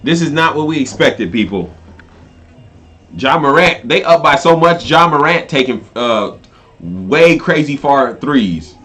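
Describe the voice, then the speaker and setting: A man hosting a casual live stream, reacting to a game and reading viewer comments aloud, animated and talkative. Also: fairly high pitch, a little slow, faint music behind.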